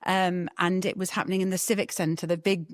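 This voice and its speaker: A woman guest chatting casually in an interview, an animated storyteller who laughs often. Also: lowish voice, a little fast, no echo, studio quality. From England.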